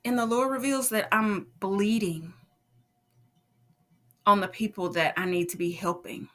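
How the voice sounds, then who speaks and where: A woman's voice: mid-range voice, measured pace. A woman hosting a podcast, casually and animatedly telling her own faith testimony. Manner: animated, acts out quoted voices, laughs often. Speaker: podcast host.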